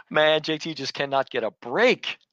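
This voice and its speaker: A man's voice: a little high, pushed and bright, dry recording, highs cut off. Blunt, rambling man from Philadelphia. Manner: blunt, rambling, with frequent restarts. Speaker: guest. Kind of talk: casual podcast chat.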